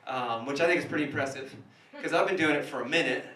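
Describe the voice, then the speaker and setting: A man's voice: medium pitch, fast talker, a crowd in the background. Guy doing stand-up at a little café, rambly and sardonic, echoey and kinda far from the mic. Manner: rambling, self-interrupting, sardonic. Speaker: stand-up comedian. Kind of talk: stand-up comedy. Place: small café stage. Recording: echoey café room from a distance.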